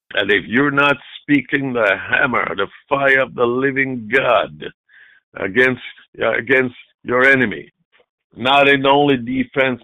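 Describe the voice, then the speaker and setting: A man preaching a sermon, swinging from shouted outbursts down to hushed, low asides. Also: no echo. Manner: dramatic preaching, shifts from loud shouted mimicry to low near-whispers. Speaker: pastor. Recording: dry tinny phone-like sound.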